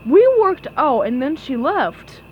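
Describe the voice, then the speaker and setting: A woman's voice: high voice, big pitch swings, slow pace, dull audio, a little hiss or hum, heavily acted. A woman voicing an easygoing, laid-back male lobster who talks casually.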